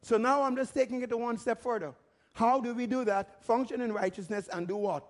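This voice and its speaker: High-voiced man preaching emphatically. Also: fairly even intonation, a little fast. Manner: emphatic preaching with rhetorical questions, rising to shouts. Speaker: pastor. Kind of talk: sermon.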